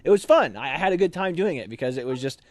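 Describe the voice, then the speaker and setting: A young man telling army stories in a casual chat, animated and laughing as he acts out lines. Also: mid-range voice, racing.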